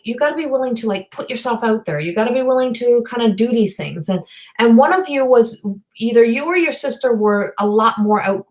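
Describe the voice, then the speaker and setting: This psychic medium, a woman, is doing a live reading online, picked up by a webcam or video-call mic. She voices messages in an earnest, direct way, though her talk wanders and stalls with fillers and false starts, and her voice sits slightly high.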